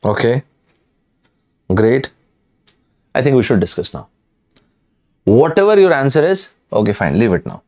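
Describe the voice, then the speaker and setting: A man's voice: medium pitch, big pitch swings, measured pace, pauses often, a little mellow. A man teaching a live online lesson, emphatic and addressing students directly, repeating key words. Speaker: online exam-prep teacher.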